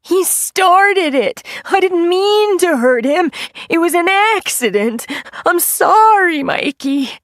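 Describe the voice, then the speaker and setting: A woman voicing a small, middle-aged male asylum patient who talks in a high-pitched, pleading whine. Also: big pitch swings, a little slow, hardly any pauses, a bit bright, no room sound, clean studio sound, full character voice. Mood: panicked pleading.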